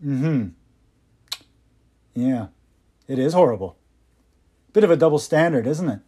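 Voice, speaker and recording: A man's voice: a little high, expressive, normal speed, dark tone, breathy edge. A man hosting his own podcast, giving impassioned, sarcastic solo commentary with mocking asides. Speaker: podcast host.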